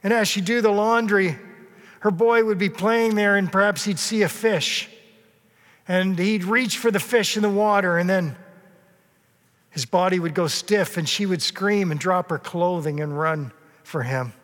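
High-voiced preacher in a reverberant hall. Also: male voice, a little slow, fairly bright tone. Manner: earnest storytelling preacher, acts out voices. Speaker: pastor. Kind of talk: sermon.

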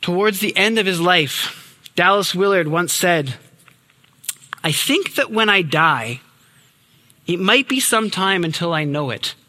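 A young man delivers a sermon with earnest emphasis, letting key words drop low and quiet. His voice sits fairly high and sounds very bright and forceful. It carries a long, reverberant hall tail. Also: animated, measured pace, long pauses. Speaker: preacher.

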